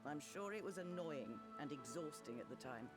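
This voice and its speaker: A man's voice: on the high side, animated, normal speed, over music, natural voice. A man voicing a tender, proud father. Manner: gentle, heartfelt. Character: loving middle-aged father, proud and tender. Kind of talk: game cutscene voice acting.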